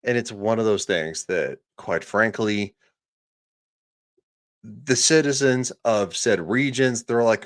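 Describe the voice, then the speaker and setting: A man's voice: lowish voice, slow pace. A man giving casual live commentary on a podcast clip, profane and sarcastic, with laughing asides. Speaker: streamer reacting to a podcast clip.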